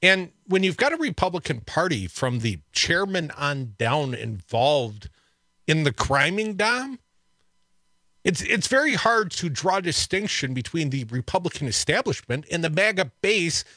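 Radio co-host guy, lively up and down voice, dry close studio sound, fired up and indignant. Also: a little high, no echo. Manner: emphatic, indignant, drawn-out stresses. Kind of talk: political talk radio commentary.

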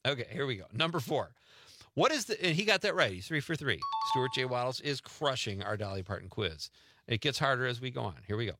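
A man's voice: mid-range voice, animated, brisk, heavy background noise. A man hosting a radio show, chatting casually, joking and laughing as he runs a quiz. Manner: laughing, playful, teasing.

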